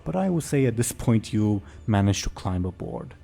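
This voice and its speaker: A man's voice: lowish voice, sing-song, normal speed, creaky, dark tone. A man narrating as game master of a tabletop role-play, in a loose, stop-start way.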